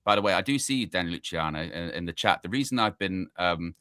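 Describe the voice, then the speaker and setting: A man's voice: low-pitched, animated, brisk, a bit bright, no echo, clean studio sound. A man co-hosting a casual live football chat. He reads viewer comments aloud and rambles loosely. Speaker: football podcast co-host.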